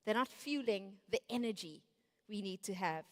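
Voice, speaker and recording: Animated woman speaker in a big hall. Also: medium pitch, moderate pace. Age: 30s. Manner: animated storyteller acting out inner voices. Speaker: conference speaker. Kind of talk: motivational keynote talk. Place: large conference hall. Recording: reverberant large hall.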